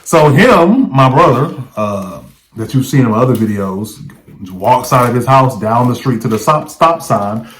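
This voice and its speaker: A man's voice: mid-range voice, animated, unhurried, fairly bright tone, a little hiss or hum, rough recording. A man vlogging, recounting a story in a casual, conversational way and often checking in with the viewer. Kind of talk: casual first-person storytelling.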